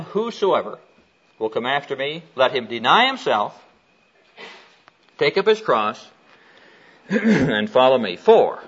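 A man preaching a sermon with an animated, storytelling delivery, swinging widely up and down in pitch as he reads scripture aloud. His voice is bright and forceful. The recording is dull and lo-fi.

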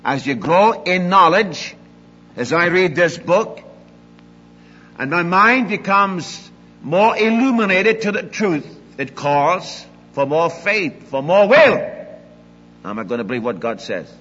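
An older man preaching a sermon, emphatic, moving between loud declarations and quiet asides. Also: sits high, lively intonation, slow pace, in a large hall, lo-fi sound, soft background music.

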